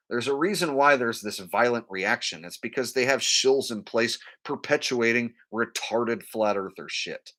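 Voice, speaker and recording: A man rants bluntly on a live stream, his voice swooping widely in pitch. His tone is bright and forceful, with frequent fillers and blunt, scornful asides. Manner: animated, blunt, ranting, many fillers.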